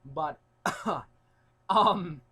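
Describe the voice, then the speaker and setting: A young man telling a rambling story in a casual vlog, full of fillers, swinging between loud outbursts and mumbled asides. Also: fairly high pitch, drawn-out words, breathy edge. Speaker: YouTuber.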